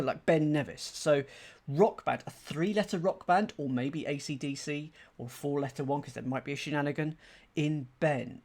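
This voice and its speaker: A man streaming a crossword solve, thinking aloud in a chatty, self-deprecating way and reading clues out slowly. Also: on the high side, a little mellow. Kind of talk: casual thinking-aloud commentary.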